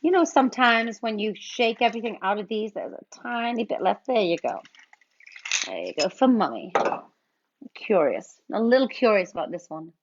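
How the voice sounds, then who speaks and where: A woman's voice: medium pitch, expressive, normal speed, background noise. A middle-aged woman casually chatting and greeting viewers while she mixes cocktails on a livestream. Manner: chatty, playful, reads out viewer names. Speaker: livestream bartender host. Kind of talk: casual livestream chat while mixing drinks. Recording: dull lo-fi stream audio.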